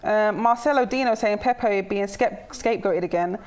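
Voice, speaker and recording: A woman's voice: mid-range voice, moderate pace, a little mellow. A woman co-hosting a fan talk show, chatting casually, laughing often and reading out viewer comments. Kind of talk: casual chat.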